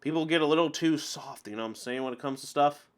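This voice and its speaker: A man giving casual, animated commentary while playing an online card game, ranting and laughing as he goes. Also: on the high side, fast. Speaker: gameplay commentator.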